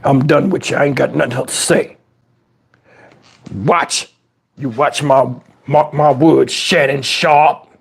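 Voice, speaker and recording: A man's voice: medium pitch, fairly even intonation, takes it slowly, gravelly, long pauses, husky, voice pushed down, full character voice. A man playing a preachy, outraged elderly father who scolds and swears in a comedic rant. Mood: indignant. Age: older. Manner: exasperated scolding, preachy, swears, shouts at times.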